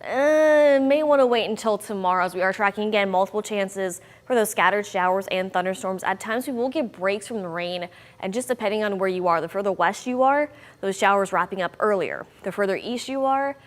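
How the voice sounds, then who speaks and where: A woman's voice: mid-range voice, a little fast. Upbeat woman meteorologist, long reverb. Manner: upbeat, conversational, bouncy emphasis. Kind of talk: chatty weather forecast.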